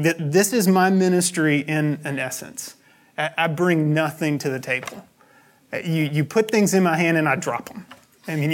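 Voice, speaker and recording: A man preaching a sermon as pastor, explaining scripture in a conversational, teaching way. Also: fairly high pitch.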